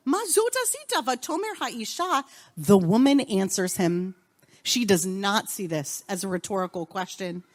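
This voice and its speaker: Animated woman leading a Torah class. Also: a little high. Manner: animated, questioning the group and calling on students. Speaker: rabbi and cantor teaching a class. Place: synagogue.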